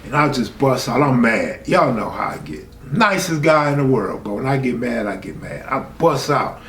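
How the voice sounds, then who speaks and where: A man's voice: medium pitch, expressive, moderate pace, fairly bright tone. A man, hosting a stream and telling a true story in casual, profane street talk, raising his voice when he quotes people. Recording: echoey room, faint background hum.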